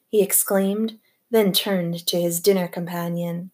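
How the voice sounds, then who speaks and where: A woman narrating a novel as an audiobook reader, with a measured, even storytelling delivery. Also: on the low side. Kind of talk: scripted narration.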